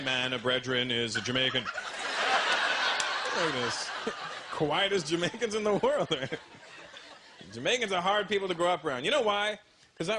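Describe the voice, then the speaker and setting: A man's voice: sits high, a little hiss or hum. A man doing a stand-up routine, brash and teasing, laughing between jokes on a live stage. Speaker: stand-up comedian. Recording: live show with loud audience.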